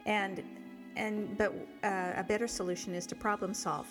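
Faint music and hall reverb surround a middle-aged woman speaking at normal speed in a level, medium-pitched voice. A guest expert on parenting, she earnestly shares advice and personal anecdotes conversationally, often starting her sentences over.

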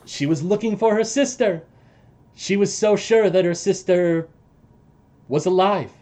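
A man narrating and voicing characters as game master of a tabletop game, casual and halting. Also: high voice, dark tone.

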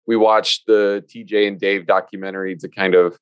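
A male improviser and co-host talking in a relaxed, reflective way during a casual podcast chat. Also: on the low side, moderate pace, smooth, dry recording.

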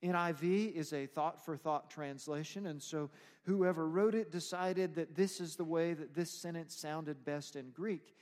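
A man's voice: a little high, steady tone, unhurried, a little mellow. A man preaching a sermon as pastor, explaining scripture in an emphatic way. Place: church sanctuary. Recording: long reverb of a church hall.

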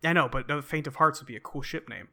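A man's voice: fairly high pitch, fast, creaky, pushed and bright. A man co-hosting a casual podcast, tossing in wry jokes about a comic book. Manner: joking, wry asides. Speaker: podcast co-host.

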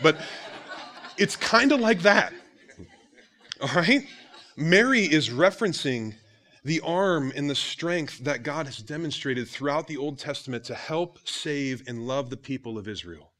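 A man's voice: a little high, expressive, measured pace, bright, forceful tone. Conversational male pastor preaching. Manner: conversational preaching, addresses congregation as guys. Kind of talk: sermon.

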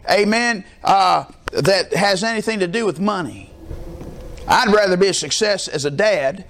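Emphatic pastor preaching a sermon. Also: male voice, high-pitched, unhurried, fairly bright tone. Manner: emphatic, asks the congregation call-and-response questions.

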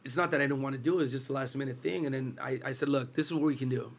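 A man's voice: medium pitch, steady tone, rapid-fire. Chatty man telling stories. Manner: storytelling, restarts often. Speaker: taco business owner guest. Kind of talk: casual chat.

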